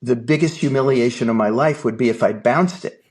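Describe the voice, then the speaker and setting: An older man spins a long story as a podcast guest, bringing each character to life as he quotes them. He talks in a plain, mid-pitched voice and builds the tale with relish. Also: a little fast. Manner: lively anecdotal storyteller, acts out dialogue. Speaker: guest, film producer. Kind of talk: animated storytelling.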